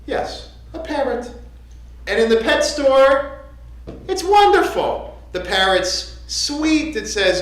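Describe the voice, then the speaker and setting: This rabbi's voice sits at a medium pitch with a fairly bright tone. He jokes his way through a conversational sermon from the synagogue pulpit, captured in an echoey sanctuary.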